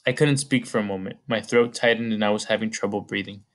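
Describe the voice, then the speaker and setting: A man narrating an audiobook chapter in a measured storytelling manner. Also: fairly low pitch, fairly even intonation. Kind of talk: scripted narration.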